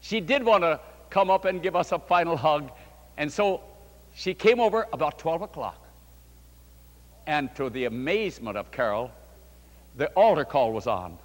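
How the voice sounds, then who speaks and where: Older preacher with a lively voice. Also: male voice, normal speed, pauses often. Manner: fervent preaching, voice swelling and dropping low. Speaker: pastor. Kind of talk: sermon storytelling. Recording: long hall reverb.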